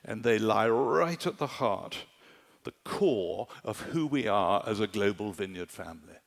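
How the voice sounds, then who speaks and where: A man preaching a sermon at a summer camp, animated and rhetorical, often checking in with "do you see?". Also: fairly low pitch, a little slow, gravelly, big-room sound. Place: large conference hall at a summer camp.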